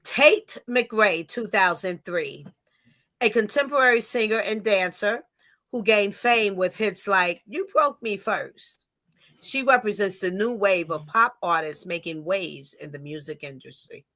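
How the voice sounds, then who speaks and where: A woman's voice: medium pitch, expressive, a little slow, sharp tone. A woman co-hosting a livestreamed podcast, reading fun facts from notes with small stumbles and laughs, over a video call. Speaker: podcast co-host.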